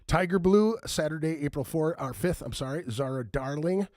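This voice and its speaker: On a podcast, a man tells a rambling story, swearing freely and acting out the voices of the people he quotes in a profane, animated way. His voice is fairly high and his pace moderate. The podcast studio sound is clean, with no echo.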